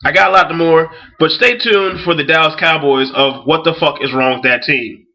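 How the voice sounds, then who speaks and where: A man's voice: on the high side, normal speed, dull audio. A man ranting about sports in a vlog, angry and profane, swearing heavily with a swaggering delivery.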